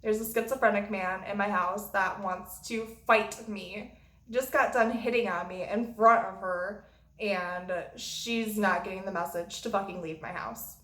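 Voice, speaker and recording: A woman's voice: medium pitch, steady tone, measured pace, fairly bright tone. A young woman vlogger telling a dramatic storytime, swearing freely. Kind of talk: storytime vlog. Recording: echoey room.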